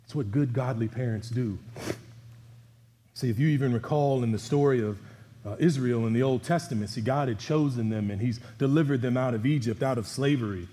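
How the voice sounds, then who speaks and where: A man's voice: medium pitch, a little fast, mellow. Male pastor, mid-range voice, earnest conversational sermon, church hall reverb. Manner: earnest and exhorting, with conversational asides. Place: church sanctuary.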